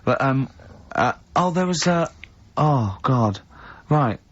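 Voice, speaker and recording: A man's voice: medium pitch, lively intonation, slow. Giggly man telling radio stories. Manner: teasing, giggly storyteller acting out dialogue. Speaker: radio host. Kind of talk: casual chat, anecdote telling. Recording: slightly dull radio studio recording.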